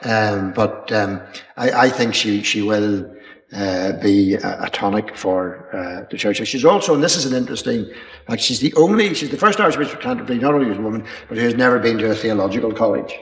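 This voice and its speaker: An older man, an archbishop, answering questions at a public dialogue in a measured, rambling way, pausing with ums and restarts. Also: lowish voice, fairly bright tone. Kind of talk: unscripted panel answer. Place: college chapel. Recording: echoey chapel with long reverb.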